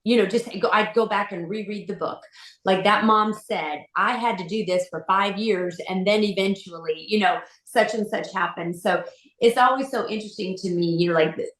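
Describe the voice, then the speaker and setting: A woman's voice: mid-range voice, moderate pace, a bit bright. Chatty middle-aged mother, echoey room. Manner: chatty, lots of fillers like "you know" and "like". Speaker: guest, mother. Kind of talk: heartfelt podcast interview.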